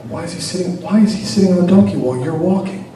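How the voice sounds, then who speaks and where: A man's voice: sits high, very fast, crowd noise, pitched above the performer's own voice, lightly acted. A man voicing an indignant older village woman scolding a father. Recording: very echoey room, distant mic, noisy.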